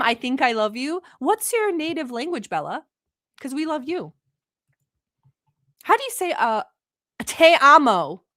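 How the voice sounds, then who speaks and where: A woman from the Middle East who isn't a native English speaker hosts a casual livestream, reacting to videos and chatting with viewers in a teasing, talkative manner. Her voice is slightly high and somewhat bright, captured dry with studio quality.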